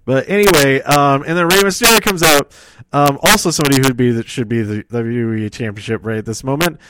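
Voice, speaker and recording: A man's voice: mid-range voice, brisk, very noisy. A man casually recapping a wrestling show, rambling and correcting himself as he goes. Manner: rambling, self-correcting, chuckles at own slips.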